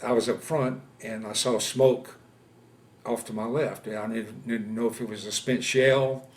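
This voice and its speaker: A man in his seventies from Louisiana, recounting his war experiences in an oral history interview, speaking haltingly with many pauses and fillers. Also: mid-range voice, steady tone. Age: 70s. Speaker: veteran interviewee. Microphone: interview camera setup.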